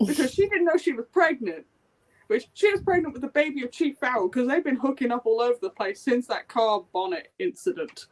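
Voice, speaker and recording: A woman with a bright, high voice talks casually in a book club discussion. She retells the story in a lively, animated way, slipping into quick acted quotes from the characters.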